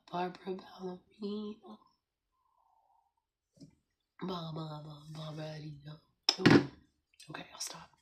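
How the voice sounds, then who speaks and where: A woman hosts a relaxed morning livestream with a hoarse, raspy voice. Her pitch sits a little low. She chats loosely, laughs a lot and greets viewers by name as they come in. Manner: chatty, laughs often, greets viewers and reads out chat. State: hoarse from laryngitis. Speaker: livestream host. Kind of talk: casual morning livestream chat. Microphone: streaming setup.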